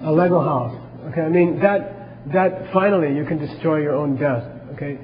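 A man's voice: a little high, moderate pace, long reverb tail, phone-quality sound, slight background noise. A man teaching a class on Buddhism, talking casually and asking his listeners questions as he goes.

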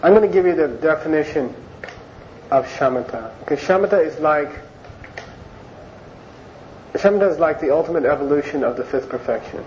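A man's voice: on the high side, expressive, a little fast, pauses often, darkish tone. A man teaching an informal Buddhist class in a conversational way, often repeating words and phrases for emphasis. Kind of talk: informal Dharma class lecture. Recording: dull lo-fi recording with faint hiss.

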